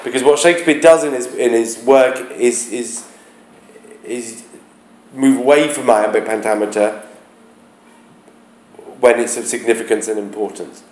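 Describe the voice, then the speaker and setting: A man teaching a class, talking haltingly, searching aloud for words and chanting rhythms to show them. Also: medium pitch, darkish tone. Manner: demonstrates rhythms by chanting beats. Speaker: English teacher. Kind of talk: classroom explanation of a play. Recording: roomy, echoey classroom.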